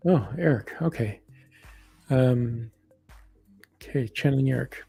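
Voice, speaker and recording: A man hosting a live online reading, talking casually with warm affirmations and many restarts. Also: mid-range voice, measured pace, gravelly, pauses often, slightly rough, faint music behind. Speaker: psychic reader hosting a live event.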